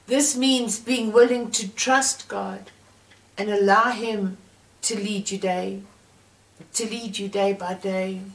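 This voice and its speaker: A woman's voice: mid-range voice, fairly even intonation, slow pace. A woman preaching a sermon in a church, with earnest, encouraging appeals to her listeners. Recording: roomy church sound from far off.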